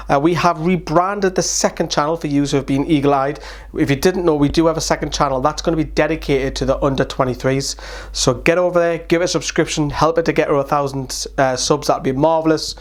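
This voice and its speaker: Chatty tired man, slightly high. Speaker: fan channel host. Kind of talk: casual vlog update.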